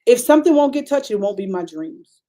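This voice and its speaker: A middle-aged woman pastor preaches briskly, her mellow voice full of lively intonation. She keeps the sermon folksy and conversational but repeatedly surges into emphatic, high-pitched peaks.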